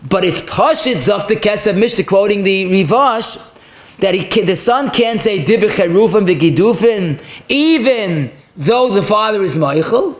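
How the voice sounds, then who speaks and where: A man's voice: sits high, expressive, a little slow. A man, a rabbi, giving an emphatic Talmudic lecture, firing off rhetorical questions and dense Hebrew and Aramaic legal terms. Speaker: rabbi teaching a Torah class. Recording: roomy echo.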